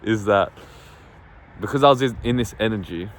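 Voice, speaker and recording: A man's voice: fairly low pitch, moderate pace. A man vlogging outdoors on his phone, telling a story in a rambling, casual way, full of fillers and swearing. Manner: rambling, lots of fillers and swearing, laughs often. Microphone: phone on small tripod. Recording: faint street and traffic noise.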